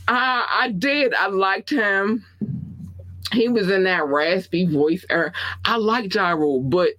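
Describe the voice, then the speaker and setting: A woman with a fairly low, somewhat bright voice hosts a podcast, bluntly and profanely sharing candid, opinionated takes on entertainment news and reading viewer comments aloud. The audio quality is poor.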